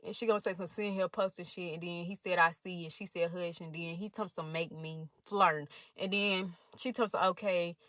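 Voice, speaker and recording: Her voice sits on the low side and moves at a normal speed with hardly any pauses, and the recording is dry. She's a young adult in college doing a storytime vlog, retelling events bluntly and profanely while reading out other people's texts.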